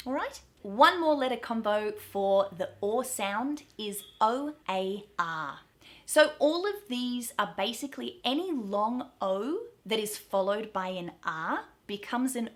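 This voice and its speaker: A woman's voice: medium pitch, fairly bright tone. Australian woman coaching pronunciation. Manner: upbeat, explaining carefully, stretching out example words. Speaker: accent coach. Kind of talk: pronunciation lesson to camera.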